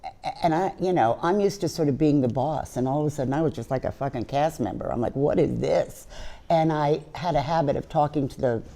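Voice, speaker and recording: An older woman with a low, mellow voice tells stories bluntly and swears freely. She talks as a guest chef in a relaxed interview. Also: fast talker. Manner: brash, profane storytelling. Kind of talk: casual interview chat.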